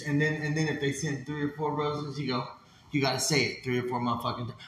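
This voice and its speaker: Dude ranting hard and cussing nonstop, bright pushy voice, super echoey room with a bit of hiss. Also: male voice, a little high, steady tone, fast. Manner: heated, swearing, acts out voices. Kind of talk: profane casual rant. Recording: very echoey room with faint noise.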